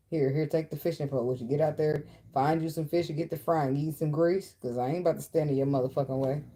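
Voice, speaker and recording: Woman, very low-pitched, warm and mellow; blunt tarot reader, swears freely. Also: a little hiss or hum. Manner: blunt, chatty, swears freely, talks to the cards. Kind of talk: casual tarot reading monologue.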